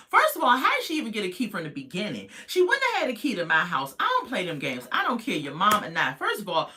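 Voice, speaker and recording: A woman's voice: medium pitch, huge pitch swings, fast talker, hardly any pauses, bright, forceful tone. A woman casually recapping a reality TV episode, chatty and sassy with lots of asides.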